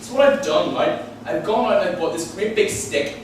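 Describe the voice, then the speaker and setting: Quick, eager young Belfast comedian. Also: male voice, high-pitched, animated, a little hiss or hum. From Northern Ireland. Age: young adult. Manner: quick and enthusiastic. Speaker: student stand-up comedian. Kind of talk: stand-up comedy set. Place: comedy club stage. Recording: echoey venue, heard from a distance.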